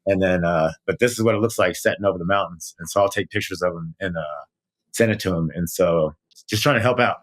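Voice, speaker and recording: A man telling his story in a casual interview, earnest and animated, with many fillers and moments of emotion. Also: deep voice, fast talker. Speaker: guest.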